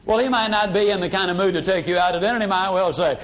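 An older man teaching a sales seminar in a folksy way, dropping his voice low for emphasis. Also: racing, fairly bright tone. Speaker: sales trainer. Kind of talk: motivational seminar talk.

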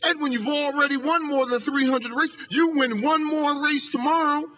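A man's voice: extremely high pitch, steady tone, normal speed, pushed and bright, voice pushed up. A man voicing an exasperated male track coach who pleads in disbelief. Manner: pleading, incredulous.

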